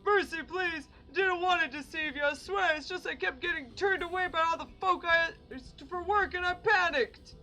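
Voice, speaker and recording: Panicky male adventurer voiced by a woman, pleading, rushed excuses, high voice, game music faint behind. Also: bright, forceful tone, rough recording. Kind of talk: reading game dialogue aloud.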